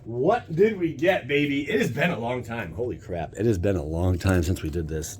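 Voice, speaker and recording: A man's voice: mid-range voice, animated, moderate pace, hardly any pauses, darkish tone, a little hiss or hum. An American man hosting a casual pack-opening video, joking and talking straight to his viewers. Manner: playful, jokey, talks to viewers. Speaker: channel host opening card packs.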